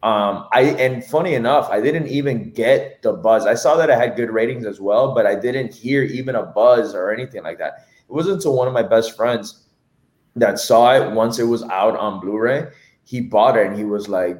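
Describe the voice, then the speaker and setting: A man co-hosting a podcast, reviewing a film in a casual chat, telling animated stories and swearing freely. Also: on the low side, normal speed, reverberant. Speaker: podcast co-host.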